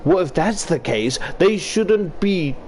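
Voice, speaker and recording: A young man from Australia rambling in a casual gaming stream chat, swearing often and getting loud when worked up, talking into a desk mic at home. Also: high-pitched, animated, slow, a little hiss or hum. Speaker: YouTuber. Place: home room while gaming.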